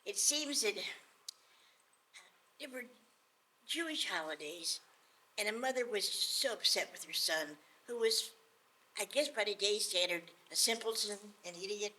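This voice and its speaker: A woman's voice: medium pitch, expressive, unhurried, pauses often, pushed and bright, rough recording. A woman telling a folk tale aloud at a live event, in a conversational style, often repeating herself. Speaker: storyteller. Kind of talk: live oral storytelling.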